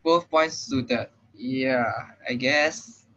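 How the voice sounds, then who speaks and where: In a very slow, mid-range voice that is bright and forceful, a young programming tutor with a Singaporean English accent gives an online tutorial lesson. He speaks casually, using many fillers and "right?" check-ins, and is slightly out of breath. The sound is muffled and lo-fi, like a computer microphone on an online call.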